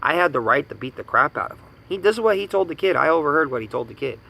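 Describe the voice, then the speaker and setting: A man's voice: a little high, expressive, racing, gravelly, bright, forceful tone, low-quality recording. A man in his thirties from the United States giving an angry personal rant, indignant and profane, hammering points with repetition. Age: 30s. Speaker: vlogger ranting.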